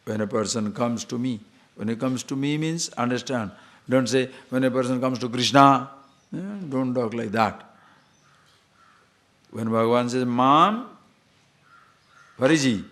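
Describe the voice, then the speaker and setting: A man's voice: medium pitch, fairly bright tone. Male teacher lecturing on scripture, emphatic, keeps asking rhetorical questions. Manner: emphatic, rhetorical questions, chants verses slowly. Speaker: spiritual teacher.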